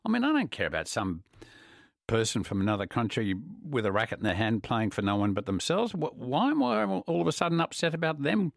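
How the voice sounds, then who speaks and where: A middle-aged Australian man hosting talkback radio, opinionated and animated, often stammering over his restarts. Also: medium pitch, brisk, vocal fry, dry recording, clean studio sound. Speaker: radio host. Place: radio studio. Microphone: studio microphone.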